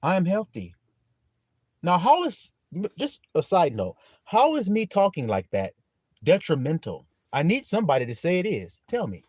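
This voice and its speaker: Animated, lively male preacher. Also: fairly high pitch, normal speed, slightly rough, no echo. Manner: animated, folksy, calls on the audience, laughs often. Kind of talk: livestreamed sermon.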